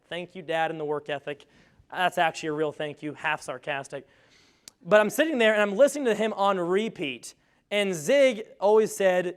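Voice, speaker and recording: A man speaking to a live audience about presenting on video, energetic and joking, with a self-deprecating humor. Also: high-pitched, smooth. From grew up on a farm. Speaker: speaker on webinar marketing.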